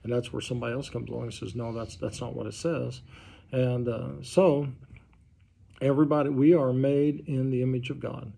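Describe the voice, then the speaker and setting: A pastor leading an informal Bible study, talking conversationally and quizzing the group with questions. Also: male voice, mid-range voice, level tone, normal speed, gravelly, mellow, husky. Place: church study group room.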